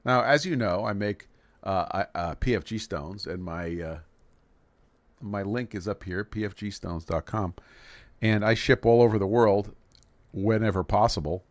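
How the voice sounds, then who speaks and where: A man's voice: lowish voice, a little slow, dry recording. A man from New York City hosting a casual livestream, joking and rambling as he restarts his sentences. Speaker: livestream host.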